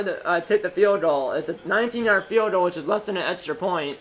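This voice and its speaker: A man giving rambling play-by-play commentary on his own video game, correcting himself often and bursting into excited calls. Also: high voice, quick pace, highs cut off. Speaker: gaming channel host. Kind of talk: play-by-play commentary while playing.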